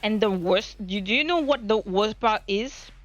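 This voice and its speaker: Woman, streamer, casual monologue, stammering restarts, animated pitch, soft music in the background. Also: normal speed, no echo, lo-fi sound. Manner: rambling, flustered, stammers and restarts.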